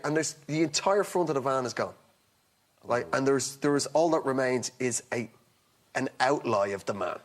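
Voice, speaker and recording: A man, a comedian guest on a talk show, telling a long anecdote in a rambling, halting way with many restarts and acting out the other people in the story. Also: fairly high pitch.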